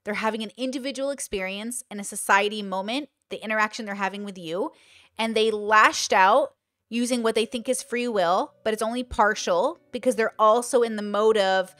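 Her voice sits in the mid-range and moves at a moderate pace, with no room sound in the recording. She's a woman creator in a casual livestream chat, thinking aloud, leaning on fillers, and playing out quoted voices with animation.

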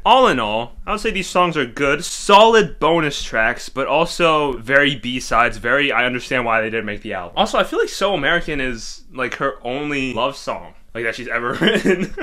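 A young man casually reacting to songs, excitable and slangy, talking from a bathroom. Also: medium pitch. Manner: excitable, slangy, breaks into laughs and sing-along. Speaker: music reaction video host.

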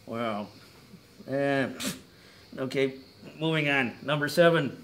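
A man's voice: fairly high pitch, animated, normal speed, a bit bright, a little hiss or hum. A man co-hosting a casual top ten list show, rambling with wry asides and self-corrections. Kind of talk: casual joking commentary.

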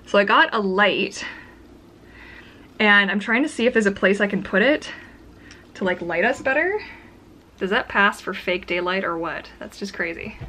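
Woman home vlogger, mid pitch, chatty and rambling, talking to camera indoors. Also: animated, normal speed, pauses often, bright, forceful tone, slight background noise. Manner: chatty and rambling, heavy on filler words. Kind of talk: casual vlog chat to camera. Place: home filming corner, indoors.

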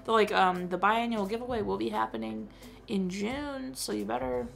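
A woman's voice: fairly high pitch, fairly even intonation, normal speed, gravelly, fairly bright tone, faint music behind. A young woman chatting casually as she reviews a movie for her vlog, filling her talk with "like.". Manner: chatty, full of "like" fillers.

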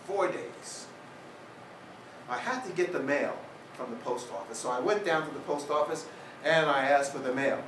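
A man's voice: on the high side, moderate pace. Man telling stories in a roomy hall. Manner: humorous, anecdotal, with wry asides. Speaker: guest speaker. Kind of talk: storytelling public talk. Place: university lecture hall with audience. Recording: roomy hall, distant mic, noisy.

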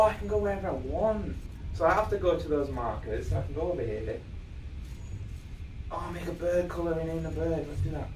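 A gamer commentating on a VR game, excitable and yelling spell words at it. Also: mid-range voice. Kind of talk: let's play commentary. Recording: echoey room, mic off at a distance, faint noise.

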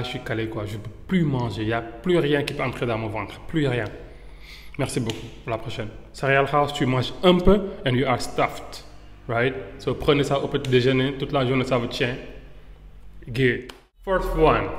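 A man teaching slang in a casual lesson, switching between French and English and acting out example phrases with drawn-out words. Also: mid-range voice, a bit bright. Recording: echoey room with long reverb.

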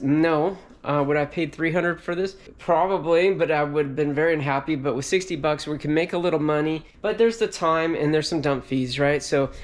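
A man hosting his own vlog, talking casually and rambling as he digs through a storage locker. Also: on the high side. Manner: chatty, rambling, with many fillers. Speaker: storage locker buyer and channel host. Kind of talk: casual vlog talk to camera. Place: storage locker during a heat wave.

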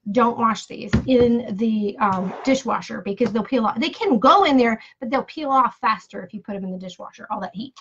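A chatty woman runs a relaxed live-stream giveaway, tossing in playful jokes as she goes. Her voice sits high, and the sound is dull and lo-fi, like a phone or webcam mic. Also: slight background noise. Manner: chatty and playful, jokey asides. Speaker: craft seller hosting a live giveaway. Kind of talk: casual live-stream chat.

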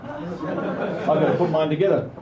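A man doing stand-up in a pub, with a dry, rambling, deadpan delivery. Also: a little high, measured pace, a crowd in the background. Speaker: stand-up comedian. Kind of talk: stand-up comedy. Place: pub comedy club. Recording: muffled distant echoey room recording. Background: room noise.

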